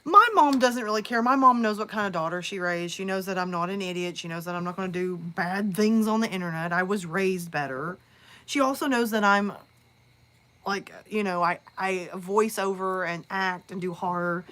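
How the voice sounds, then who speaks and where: A woman's voice: medium pitch, normal speed, pushed and bright. A woman who narrates horror, chatting casually on a live stream and telling a story in a rambling way.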